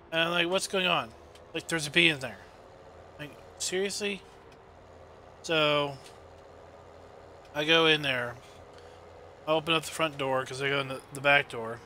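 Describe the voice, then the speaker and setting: Rambling game streamer, a man with a fairly high, very bright voice, quiet hum behind. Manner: rambling, chatty, with many fillers. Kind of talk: casual gameplay chat and storytelling.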